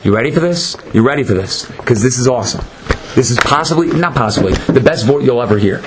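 A man giving an animated Torah lecture, dramatic and acting out the voices of the people in his story. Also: quick pace, background noise. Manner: dramatic, acts out voices, swings between high and low. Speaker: Torah teacher.

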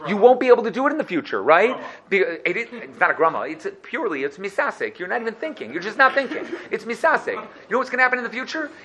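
A man teaching an animated religious lesson, acting out little scenes as he explains. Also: sits high. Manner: animated, fast-talking, acts out voices. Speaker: Torah teacher.

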